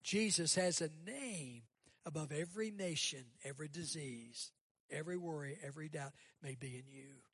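A guest pastor, a man, preaching a sermon and leading an altar call, swinging between loud rising bursts and quiet, dropped lists. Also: on the high side, normal speed, breathy edge, no echo. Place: church sanctuary.

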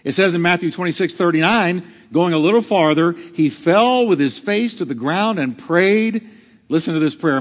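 A man's voice: high voice, moderate pace, in a large hall. A male pastor preaching a sermon, acting out quotes with dramatic swings in delivery. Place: church hall.

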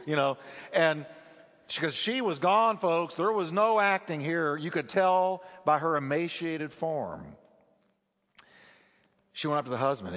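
A male pastor preaching a sermon, telling a story with animated delivery and acting out the voices of the people in it. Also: a little high, a little slow. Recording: long hall reverb.

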